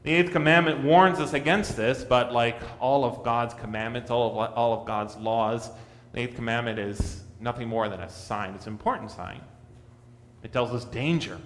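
A man preaching a sermon, earnest, rising for emphasis and dropping to a soft hush. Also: normal speed, long reverb tail. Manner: earnest, rises in pitch and volume for emphasis, drops to a soft hush. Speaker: pastor.

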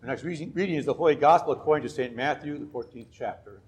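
A man serving as pastor, reading scripture aloud and then preaching in an earnest, measured way. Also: medium pitch.

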